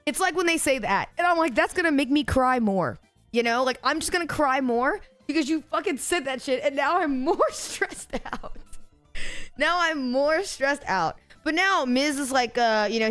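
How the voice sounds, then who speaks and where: A woman streamer telling a story casually to her live chat, animated and profane, laughing as she goes. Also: high-pitched, normal speed, faint music behind.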